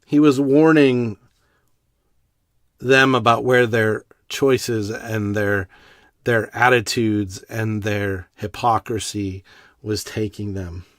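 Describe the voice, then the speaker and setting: Slow, earnest male pastor preaching. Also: on the low side, fairly even intonation, no echo, studio quality. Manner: earnest, conversational preaching with rising emphasis. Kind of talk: sermon. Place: church sanctuary.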